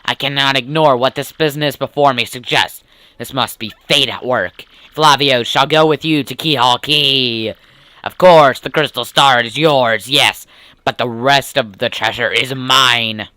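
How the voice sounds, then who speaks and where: Guy doing a pompous bragging sailor merchant, big theatrical voice, bright and crisp, dry close mic. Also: medium pitch, measured pace, no echo. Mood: grandiose. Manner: grandiose, theatrical "pirate" voice he says strains his throat. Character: pompous boastful male merchant sailor, vain and greedy. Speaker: let's play gamer reading dialogue aloud.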